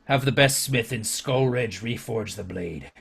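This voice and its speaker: A man voicing an imposing orc chieftain who speaks low, slow and solemn. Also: vocal fry, a bit bright, slightly rough, exaggerated voice.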